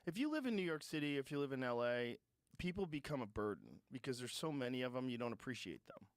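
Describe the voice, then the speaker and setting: Lively male podcast host. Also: medium pitch, fast, no room sound. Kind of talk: casual chat.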